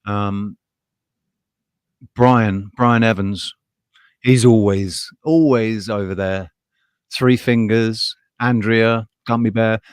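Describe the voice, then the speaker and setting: A man's voice: fairly low pitch, steady tone, takes it slowly, pauses often, smooth, dry recording. A man hosting a livestream, talking casually in a rambling, passionate way, his voice rising when he gets heated. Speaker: live show host.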